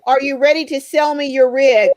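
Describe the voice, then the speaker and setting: A chatty woman with a high voice hosts a live stream, reading viewer comments aloud and greeting each person by name. Her voice sounds dry and close, with little room echo.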